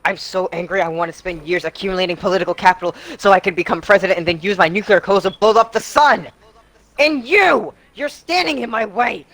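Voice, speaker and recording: A man voicing a furious young male demon student, ranting and shouting threats. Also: high-pitched, fairly quick, no echo, pitched above the performer's own voice.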